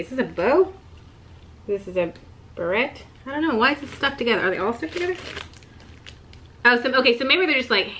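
Gushing young woman, noisy home recording. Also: mid-range voice. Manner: gushing, excitable, chatty. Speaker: vlogger opening baby gifts. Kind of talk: casual unboxing chat.

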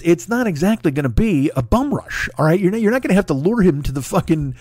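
Profane ranting man, higher-pitched voice. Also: darkish tone, no room sound. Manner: profane, ranting, riffing with laughs and restarts. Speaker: podcast host. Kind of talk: solo comedic monologue.

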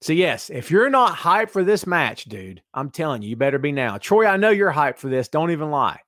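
A man's voice: fairly high pitch, moderate pace, no echo, studio quality. A man hosting a podcast in a casual live-stream chat, reading viewer comments aloud and joking straight to the chat. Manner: excitable, jokey, talks straight to the chat. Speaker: podcast host.

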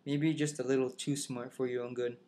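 A man's voice: medium pitch, flat delivery, a little fast, warm tone, natural voice. A man reading as a condescending sheriff. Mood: needling. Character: stern middle-aged white male Southern sheriff, condescending.

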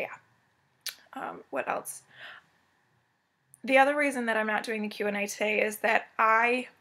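A woman's voice: on the high side, creaky, a bit bright. A woman vlogger at home giving a casual, rambling cross-stitch update full of asides.

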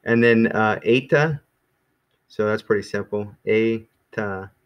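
A man teaching a small class in a relaxed, rambling way, with many ums and restarts. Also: fairly low pitch, slow pace, smooth, dull audio. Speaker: Greek teacher.

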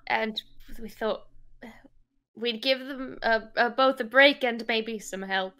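A woman plays a smitten young adventurer in a tabletop game, stumbling over words with plenty of hesitations. The voice is bright and high, and it comes out slowly. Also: clear, resonant tone. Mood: flustered. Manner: stammering, hesitant.

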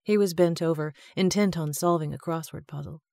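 Female audiobook narrator, warm tone, steady even read, dry close sound. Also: sits low, a little fast, gravelly, no room sound. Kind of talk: scripted narration.

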